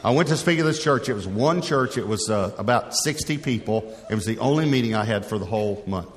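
Man, middle-aged, pastor, low-pitched, conversational sermon, restarts, long hall reverb. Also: expressive, a little fast. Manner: conversational, rambling, with frequent restarts. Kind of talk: storytelling sermon.

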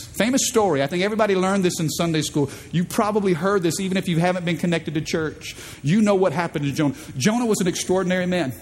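A man preaching a sermon as pastor, animated and playful, acting out voices in the stories he tells. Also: in a large hall. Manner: animated, acts out quoted voices in high pitch.

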